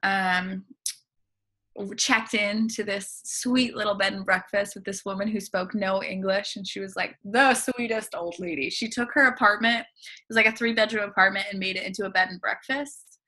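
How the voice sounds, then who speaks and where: A woman's voice: medium pitch, steady tone, moderate pace, sharp tone. An American woman, a podcast guest, telling a long story in a breezy, chatty way, full of casual fillers. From United States.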